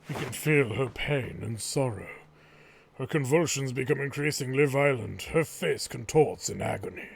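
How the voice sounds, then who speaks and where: A man, the host of a let's play, narrating a game's story in a slow, measured storytelling read. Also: medium pitch, gravelly, a little hiss or hum. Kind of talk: slow dramatic narration of game text.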